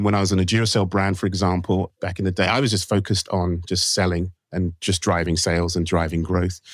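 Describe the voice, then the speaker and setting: Man, British accent, low voice, animated, emphatic, podcast interview, dry studio sound. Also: dry recording. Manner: animated, emphatic, laughs while making points. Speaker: guest, marketing company co-founder.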